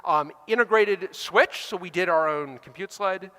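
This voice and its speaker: Middle-aged guy giving a conference talk, high lively voice, bright and punchy, lots of echo off the hall. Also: clean tone. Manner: animated, fast, emphatic, acts out quoted voices. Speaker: conference speaker. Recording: reverberant hall.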